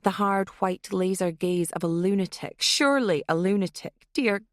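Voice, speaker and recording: A woman reading a thriller audiobook in steady scripted narration. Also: on the low side, moderate pace, no echo, studio quality.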